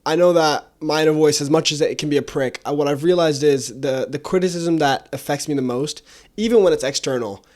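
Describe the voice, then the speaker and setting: A young man with a somewhat higher-pitched voice hosts a podcast conversation. He talks casually and candidly, with loose slang. His delivery is informal and personal. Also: fairly quick, a little mellow. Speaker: podcast host.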